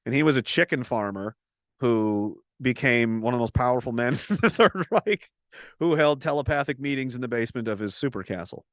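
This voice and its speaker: A man's voice: mid-range voice, lively intonation, brisk, no room sound, clean studio sound. A man hosting a casual podcast who tells stories in a rambling, profane way and laughs often. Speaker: host.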